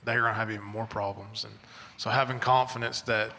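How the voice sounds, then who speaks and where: Distant, flat-voiced man in a hall. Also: lowish voice, brisk, gravelly, a little hiss or hum. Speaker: audience member. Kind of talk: answering a question from the floor. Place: large conference hall.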